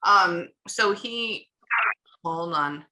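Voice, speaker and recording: A woman working as a psychic medium, chatting casually through a reading and retelling what she hears in quick bursts. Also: on the low side, bright, forceful tone, low-quality recording.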